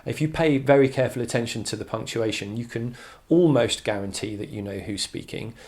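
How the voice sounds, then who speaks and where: A man's voice: medium pitch, fairly quick, a little mellow. A man teaching a poetry analysis lesson, thinking aloud with many restarts and reading quoted lines with emphasis.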